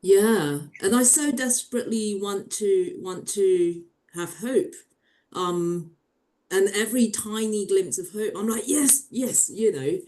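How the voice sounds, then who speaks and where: A woman on a podcast who speaks earnestly and haltingly, searching for her words. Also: medium pitch, mellow. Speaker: podcast guest. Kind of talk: casual podcast discussion.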